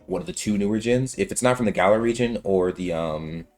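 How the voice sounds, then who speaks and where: A man's voice: lowish voice, a little fast, darkish tone, soft background music. A man in his twenties giving rambling, slangy commentary while playing a video game. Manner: rambling, filler-heavy, slangy. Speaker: let's-play gamer. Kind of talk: casual gameplay commentary.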